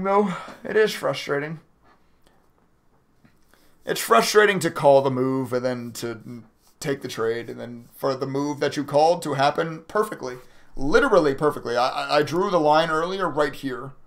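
A young man talks to his live-stream chat while he trades, his voice gravelly and pitched a little high. He vents his frustration, swearing and reacting to viewers' messages in a loose, casual way. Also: normal speed. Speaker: day trading livestreamer.

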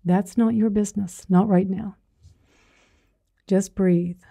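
A woman spiritual teacher giving a calm, encouraging lesson, coaching listeners to breathe and speak confidently. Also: mid-range voice, slow pace, creaky, breathy edge. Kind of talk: gentle guided teaching.

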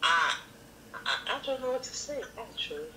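A woman's voice: sits high, animated, normal speed, crowd noise. A woman speaking from a distance through a video chat app, answering in a hesitant, giggly way.

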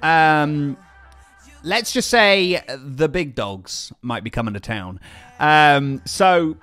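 A young man streaming a game in a high, bouncy voice that swings up and down a lot. He chats excitably with viewers and thanks donors as he plays, with faint music behind him. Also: slow, clean tone. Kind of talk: casual live-stream chat while gaming.

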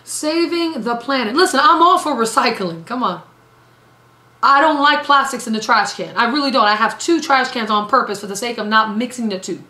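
A woman's voice: fairly high pitch, expressive, a little fast, pushed and bright. A woman evangelist preaching a sermon emphatically, repeating phrases for stress. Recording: roomy echo.

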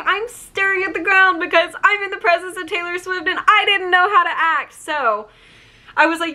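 Bright, gushing young woman. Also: very high voice, normal speed. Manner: excited, gushing, heavy use of "like". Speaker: vlogger. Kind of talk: casual storytime.

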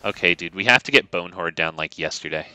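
A man's voice: sits low, fast, sharp tone, clean tone, faint music behind, low-quality recording. A man streaming a card game, chatting casually with viewers in a joking, sarcastic, rambling way. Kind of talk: casual gameplay commentary.

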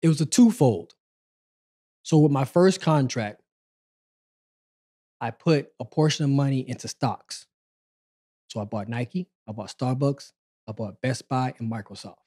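A man in his forties, a guest on an interview show, telling stories from his past in a relaxed, conversational way. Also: medium pitch, a little slow, pauses often. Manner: relaxed, conversational, acts out quoted dialogue. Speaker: interview guest, former sprinter. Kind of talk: casual storytelling interview.

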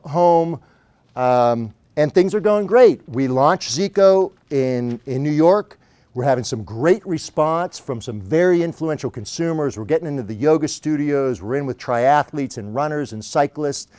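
A man, a company founder, giving a candid, animated storytelling talk to a university audience. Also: mid-range voice, clear, resonant tone, no room sound. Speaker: company founder, guest speaker.

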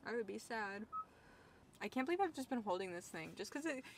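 A woman's voice: fairly high pitch, lively intonation, fairly quick, slight background noise. A young woman vlogging outdoors at the beach, rambling and emotional, swearing freely as she talks to her viewers. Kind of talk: casual vlog talk to camera. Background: faint outdoor ambience.

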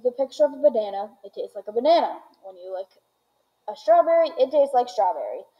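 An eccentric candy maker, put on by a woman reader, all boastful exclamations and hurry. His voice sits high, and the recording is dull and muffled. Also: big pitch swings, a little fast. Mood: exuberant.

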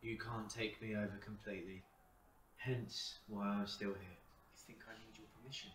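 A man playing a cruel demon who has taken over a young man. He speaks low and coaxing, with a menacing edge, in a student short film drama. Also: steady tone, normal speed, a bit bright, a little hiss or hum, close to an everyday voice. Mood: taunting. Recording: echoey room from a distance, music under.

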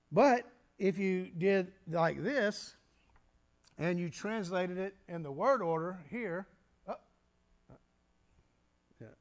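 A man preaching a teaching sermon, explaining step by step and often pausing with fillers and restarts. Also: a little high, creaky, a little mellow. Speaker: pastor.

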